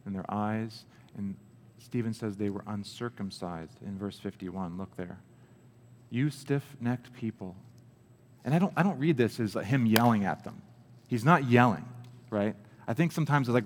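A man preaching a sermon, reading scripture aloud slowly and with emphasis, then explaining it in casual asides. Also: on the low side, darkish tone, a little hiss or hum.

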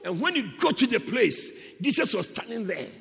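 A man preaching a sermon as a pastor, impassioned, surging from hushed lines to shouts. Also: very high-pitched, very animated, moderate pace, vocal fry, in a large hall.

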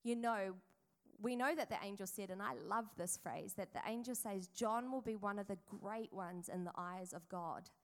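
A woman's voice: mid-range voice, moderate pace. A woman, preaching a sermon in a chatty storytelling way with asides to the congregation. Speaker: pastor.

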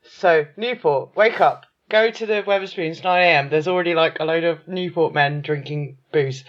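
A woman's voice: low voice, moderate pace, lo-fi sound. A woman telling a story in casual podcast chat, swearing freely. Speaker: podcast co-host.

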